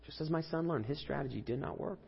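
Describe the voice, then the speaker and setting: Male pastor, 30s, conversational sermon delivery, slightly husky, dull lo-fi recording. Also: a little high, fast. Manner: earnest, conversational storytelling with rising emphasis. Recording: dull lo-fi audio with long hall reverb.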